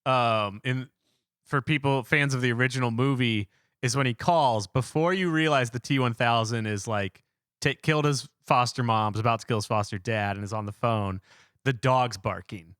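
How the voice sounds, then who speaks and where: Bright-voiced man, laid-back podcast chat. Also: mid-range voice, moderate pace, clean tone, dry recording, studio quality. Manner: laid-back, laughs often, hesitant fillers. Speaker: podcast co-host.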